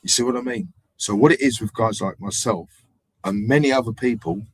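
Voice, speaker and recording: A man hosting a live stream, telling rambling, animated anecdotes in casual street slang. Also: fairly low pitch, a little fast, husky, no room sound. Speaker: livestream host. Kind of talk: casual livestream storytelling.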